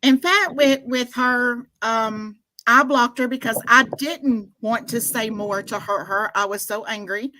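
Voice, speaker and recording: A woman's voice: on the high side, a little slow, few pauses, bright, forceful tone, low-quality recording. A woman co-hosting a casual livestream, speaking bluntly and defensively.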